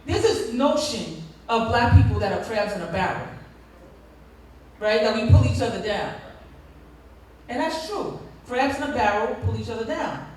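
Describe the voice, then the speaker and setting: High-voiced woman preaching to a hall. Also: animated, normal speed, long pauses. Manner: preacher-like storytelling with crowd call-and-response. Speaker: school district leader giving a conference talk. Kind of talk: conference speech. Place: large conference hall. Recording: echoey hall from far off.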